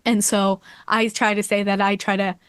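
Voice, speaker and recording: A woman guest on a podcast telling a heartfelt personal story, animated and quick to laugh, getting choked up. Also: medium pitch, smooth, no echo, clean studio sound.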